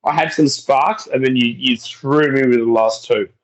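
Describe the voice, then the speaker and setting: A man's voice: medium pitch, muffled recording. Hesitant man in casual podcast chat. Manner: hesitant, halting, swears casually. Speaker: podcast co-host.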